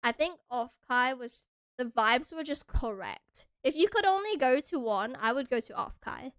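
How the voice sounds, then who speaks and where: A young woman from Hawaii chats with her stream in a bubbly, giggly way that keeps tipping into squeals. Her voice sits high and sparkles with a bright, forward tone. The recording is dry and close, with no room sound. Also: animated, moderate pace, no echo. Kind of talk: casual stream chat.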